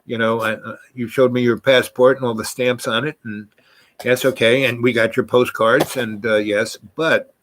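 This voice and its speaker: A man voicing a motherly middle-aged woman in his own voice, questioning and gently stern. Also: mid-range voice, steady tone, normal speed, a little hiss or hum, lightly acted. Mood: probing.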